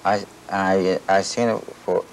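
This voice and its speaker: An older Navajo man, a traditional singer whose first language is Navajo, answers interview questions in halting, restarting English. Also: low-pitched, fairly even intonation, vocal fry, clean tone. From Navajo Nation. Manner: halting, searching for words, many restarts. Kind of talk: archival interview.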